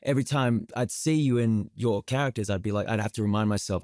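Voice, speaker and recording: A man's voice: mid-range voice, fairly even intonation, moderate pace, a little mellow, no echo, studio quality. A man with an Australian accent, an actor chatting animatedly as a guest on a podcast interview.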